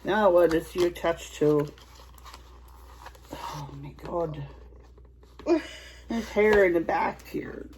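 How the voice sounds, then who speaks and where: A woman's voice: fairly low pitch, takes it slowly, long pauses, a little mellow, slight background noise, low-quality recording. A woman vlogger chatting casually while unboxing a toy, giggly and rambling.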